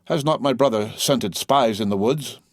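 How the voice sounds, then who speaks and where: A man voicing a crafty, persuasive male war chief who speaks in slow, measured, flattering oratory. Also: medium pitch, dry recording, clean studio sound, close to an everyday voice.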